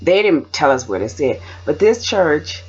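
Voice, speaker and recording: Husky low-voiced woman vlogging. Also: measured pace, highs cut off. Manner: chatty, rambling, animated. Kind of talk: casual chat to camera.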